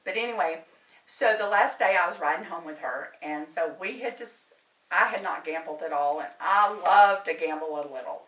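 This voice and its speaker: Chatty lady spinning a yarn, bright lively voice, kinda far from the mic in an echoey room. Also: fairly low pitch, normal speed. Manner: animated, chatty, laughs often. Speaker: medium and tarot reader, guest. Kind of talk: storytelling in casual chat. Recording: roomy, distant mic, faint noise.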